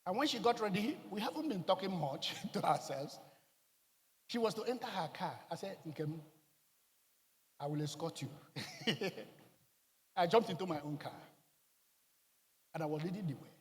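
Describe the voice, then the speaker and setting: A man preaching a sermon, telling a personal story with emotional, emphatic delivery and loud bursts of exclamation. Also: sits high, lively intonation, normal speed, long pauses, big-room sound. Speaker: pastor.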